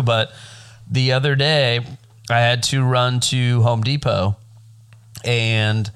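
A man's voice: medium pitch, clean tone. Laid-back man telling a story. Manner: laid-back, profane, animated storytelling with acted-out quotes. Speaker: podcast co-host. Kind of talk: casual storytelling chat.

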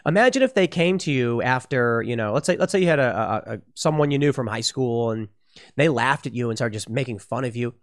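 Animated man ranting in commentary. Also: medium pitch, a little fast. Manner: emphatic, heated, repeats words when worked up. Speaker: online political commentator. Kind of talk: opinionated commentary monologue.

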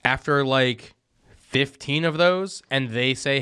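A man's voice: mid-range voice, takes it slowly, smooth. A man co-hosting a radio show, bantering and teasing with a laugh. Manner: teasing, animated, laughs often. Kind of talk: casual banter.

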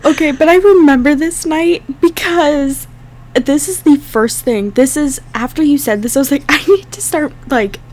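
Young woman, podcast co-host, casual chat, laughs often, swears, fairly high voice. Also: moderate pace, a little mellow, slight background noise. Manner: laughing, profane, storytelling.

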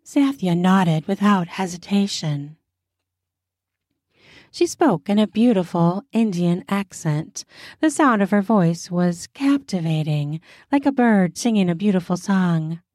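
A woman hosting a podcast and narrating an erotic audio story in a slow, deliberate reading voice. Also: on the low side, expressive, a little mellow, no echo, clean studio sound.

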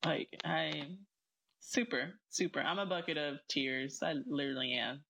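A woman's voice: low voice, measured pace, gravelly, bright, forceful tone, husky, rough recording. A woman hosting a podcast, encouraging her guest and laughing often in casual chat. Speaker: podcast host. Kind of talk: casual conversational interview.

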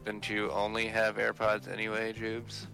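A man's voice: fairly low pitch, completely flat delivery, normal speed, gravelly, bright, forceful tone, faint music behind. A man co-hosting a casual podcast, joking and teasing with crude words. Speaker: podcast co-host.

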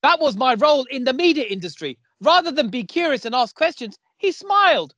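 A man's voice: very high-pitched, big pitch swings, fairly quick, a bit bright, no echo. A man co-hosting a comedy podcast, chatting casually with dry humor and frequent laughs. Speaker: podcast co-host.

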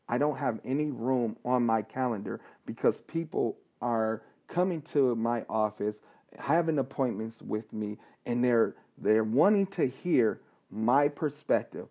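A man, a licensed counselor, telling a personal story on a podcast, talking haltingly with pauses, restarts and repeated words. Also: mid-range voice, a little mellow. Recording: dull, slightly lo-fi recording.

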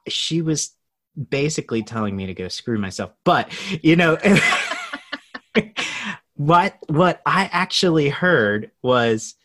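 Animated man telling a story. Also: a little high, slow. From United States. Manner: animated, laughs often, acts out quotes. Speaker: guest. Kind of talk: casual storytelling interview.

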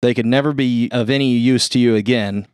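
A man reading aloud, voicing a brisk, matter-of-fact male surgeon explaining things at a bedside. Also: mid-range voice, steady tone, darkish tone, clean tone, no echo, clean studio sound, natural voice. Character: brisk middle-aged male hospital surgeon.

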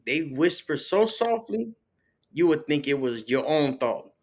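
Animated man telling a story. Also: fairly high pitch, measured pace. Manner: animated storyteller, acts out voices and exclamations. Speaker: podcast host. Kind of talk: casual conversation.

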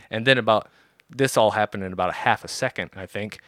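A man telling a story on a podcast in a casual, animated and profane way. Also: on the low side, quick pace, no echo, studio quality.

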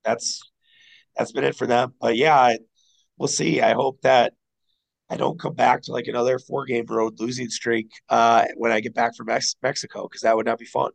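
Gravelly, excitable male podcast co-host. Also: moderate pace, poor audio. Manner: excitable, swears, jumps in with rising pitch. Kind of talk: casual sports chat.

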